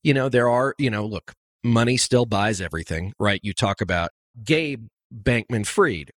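A man hosting a podcast, his pitch rising and falling a lot as he talks. The sound is close and dry, and his casual, wry remarks keep the interview moving. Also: lively intonation, normal speed, no echo. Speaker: podcast host. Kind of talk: conversational interview.

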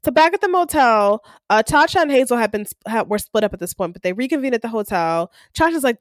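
A woman's voice: on the high side, animated, fast talker, hardly any pauses, dry recording, studio quality. A woman co-hosting a recap podcast, casually retelling episode scenes and acting out the characters' lines. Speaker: podcast co-host.

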